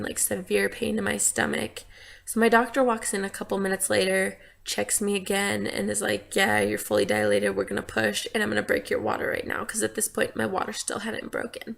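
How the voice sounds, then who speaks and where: A woman's voice: medium pitch, vocal fry. A young woman vlogger casually telling a personal story, chatty and full of "like" fillers.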